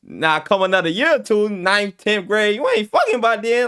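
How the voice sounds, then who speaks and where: A man hosting a casual music reaction, explaining lyrics in an animated way and mimicking how teenagers talk. He is a father who coaches youth. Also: sits high, normal speed, clean tone. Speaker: reaction video host.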